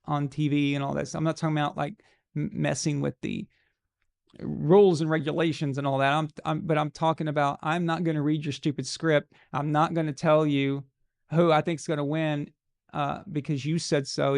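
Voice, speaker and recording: Gravelly, blunt man ranting. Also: a little high, level tone, brisk, no room sound, studio quality. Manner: blunt, opinionated ranting with casual swearing. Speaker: live show host. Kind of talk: casual sports commentary.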